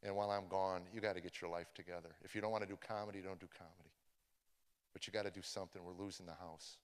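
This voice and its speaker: A man's voice: sits low, fast, clean tone. Man telling a testimony in an echoing hall. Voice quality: stammers and restarts, storytelling, rising to excited intensity. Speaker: speaker giving a testimony. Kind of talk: testimony to a live audience. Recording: long hall reverb.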